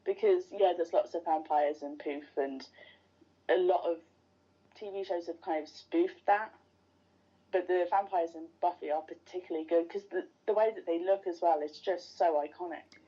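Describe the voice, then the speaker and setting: A woman's voice: lowish voice, fairly even intonation, moderate pace, mellow, slightly rough. A woman guest on a podcast, chatting casually and enthusiastically like a fan. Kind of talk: casual interview chat. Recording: dull lo-fi sound.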